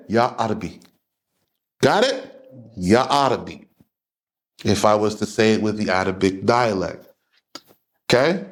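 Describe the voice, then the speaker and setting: A man teaching a religious class in an emphatic, confrontational lecturing manner. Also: lowish voice.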